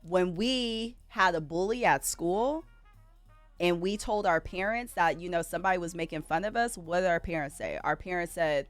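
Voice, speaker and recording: A woman host ranting in a casual reaction stream, firing off rhetorical questions and rising to animated outbursts. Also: mid-range voice, normal speed, no echo, soft background music.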